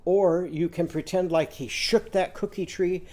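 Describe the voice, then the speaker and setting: Slow, mellow sing-song teacher. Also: mid-range voice, fairly even intonation. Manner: slow, sing-song chanting with drawn-out vowels. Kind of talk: literacy lesson for young children, call-and-response chanting.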